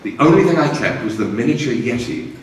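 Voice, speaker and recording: A man cracks self-mocking jokes at a fan convention, his voice rising and falling in lively swings. He sounds far from the mic, swallowed by the long echo of a big hotel hall, with the audience clearly heard around him. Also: medium pitch, fairly quick, a little hiss or hum. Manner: jokey, self-mocking, laughs at own jokes. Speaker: convention guest actor. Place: large event hall in a hotel.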